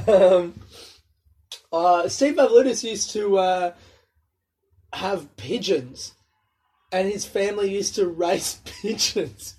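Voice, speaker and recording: Sweary rambling man, high voice. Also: takes it slowly, long pauses, a little mellow, breathy edge. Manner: rambling, sweary, laughs at own jokes. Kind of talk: casual solo storytelling.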